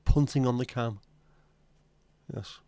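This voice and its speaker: A man's voice: mid-range voice, slow pace, warm tone, dry recording. A man with a Scouse accent, hosting a livestream in casual, blunt, sweary banter with his viewers. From Liverpool, England. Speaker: livestream host.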